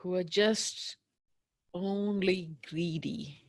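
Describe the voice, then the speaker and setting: A woman leading a guided tapping session, speaking slowly and emphatically as she voices raw anger and fear. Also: on the low side, no room sound. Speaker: tapping practitioner.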